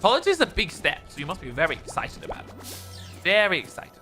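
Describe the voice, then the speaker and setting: Bright high-voiced male game streamer, chatty with viewers. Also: huge pitch swings, fast talker, faint music behind. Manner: playful, chatting with viewers while playing. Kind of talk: casual game stream chat.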